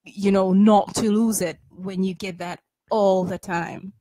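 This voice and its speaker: A woman's voice: mid-range voice, steady tone, a little slow, dark tone, dry recording, low-quality recording. A woman speaking casually as a guest on a parenting podcast, chatty and full of restarts and asides. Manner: chatty, many restarts and "you know", laughs easily.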